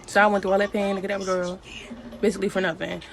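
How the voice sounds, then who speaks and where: A young woman telling a casual storytime in a blunt, profane, animated way. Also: mid-range voice, very fast, creaky, a crowd in the background. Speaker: vlogger.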